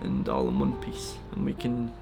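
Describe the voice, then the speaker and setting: Male vlogger, gravelly low voice, tender and halting, near tears, faint music behind. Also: sing-song. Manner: soft, emotional, halting with fillers. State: close to tears. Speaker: vlogger feeding a wild bird. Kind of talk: casual heartfelt vlog talk.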